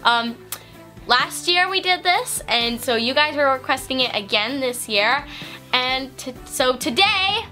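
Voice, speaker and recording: Woman, vlogger, bright, gushing, excitable, casual chat at home. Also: sits high, measured pace, soft background music. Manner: gushing, excitable, lots of squeals and giggles. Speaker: vlog host. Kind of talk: casual present-opening vlog. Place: at home on Christmas Eve.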